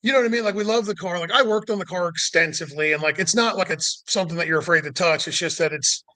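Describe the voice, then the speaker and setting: High, bright-voiced man rambling through a story. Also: fast, dry recording. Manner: rambling, many "like" and "you know" fillers; acts out quoted people with rising voice. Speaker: podcast guest telling a road trip story. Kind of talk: casual storytelling.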